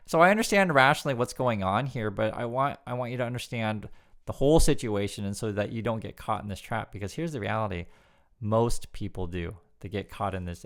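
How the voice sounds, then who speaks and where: A man giving casual spoken commentary, chatty and often repeating words as he talks. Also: on the low side. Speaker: news commentary YouTuber.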